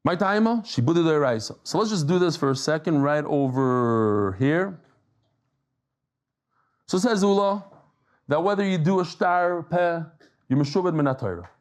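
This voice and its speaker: A man with a somewhat high voice teaches a daily Talmud lesson. He talks in a loose, conversational way, tells stories and jokes, and drops Hebrew and Aramaic terms into his English. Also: animated, moderate pace, long pauses. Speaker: Talmud lecturer.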